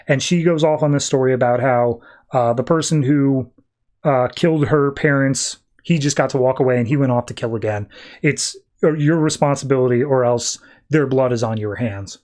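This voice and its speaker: A man's voice: medium pitch, moderate pace, darkish tone. A man with a mid-range voice talks through a comic storyline on a podcast. His retelling is loose and chatty, full of "uh" and "he's like.". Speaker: podcast host. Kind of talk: casual comic book recap.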